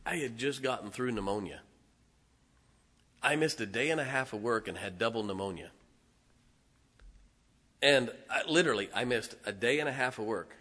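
Speaking at medium pitch, a middle-aged man gives a sermon as pastor. His delivery is folksy and built on humorous personal stories, and it veers between soft asides and loud, emphatic moments.

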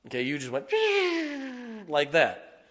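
A man preaching, telling a folksy, animated, self-mocking story from the pulpit. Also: medium pitch, normal speed. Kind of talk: storytelling sermon. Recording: long reverb of a large hall.

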